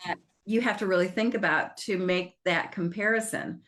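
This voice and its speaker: A woman film critic, chatting casually and retelling a movie plot in an animated way. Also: medium pitch, normal speed. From United States. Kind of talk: casual film review chat.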